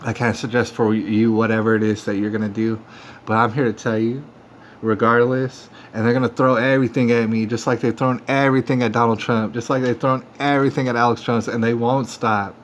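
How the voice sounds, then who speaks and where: A man's voice: mid-range voice, flat delivery, fairly quick. A man hosting a livestream, talking straight to viewers in a defiant, repetitive rant that keeps working itself up. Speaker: livestream host. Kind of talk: ranting monologue to viewers. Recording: dull lo-fi phone stream audio with faint noise.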